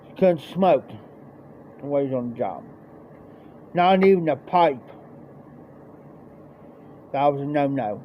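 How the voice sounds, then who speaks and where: On a live stream, a Midwestern man tells a wandering, homespun story in a casual way, acting out the voices of those involved. His slightly high voice is expressive, his pace measured, and he takes long pauses. The audio is dull and lo-fi, with faint noise.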